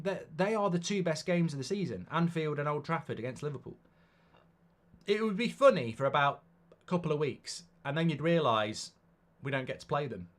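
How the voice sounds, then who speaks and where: A middle-aged man, hosting a live football watchalong in a chatty way and reading out viewer comments. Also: a little high. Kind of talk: casual live-stream chat.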